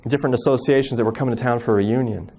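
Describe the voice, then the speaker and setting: A man in his thirties giving an earnest personal storytelling talk as a guest speaker, acting out family members' words softly. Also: mid-range voice, very fast. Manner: earnest, acts out quoted family voices softly.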